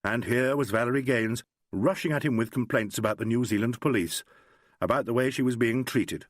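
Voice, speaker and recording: In a dry, studio-quality recording, a man with a medium-pitched voice narrates a crime novel audiobook. His scripted reading is measured yet expressive.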